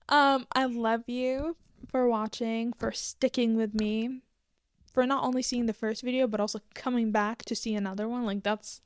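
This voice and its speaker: A woman's voice: on the high side, fairly even intonation, moderate pace, clear, resonant tone, no room sound, clean studio sound. Chatty young woman rambling on camera. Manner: rambling, joking, lots of "like" and "um"; mock-panicked outbursts. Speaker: booktok vlogger. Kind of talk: casual chat to camera.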